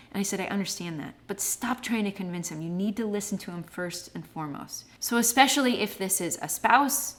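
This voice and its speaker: A woman's voice: medium pitch, brisk, few pauses. A woman business coach giving advice straight to the viewer, stressing key words with emphasis. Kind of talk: direct-to-camera advice video.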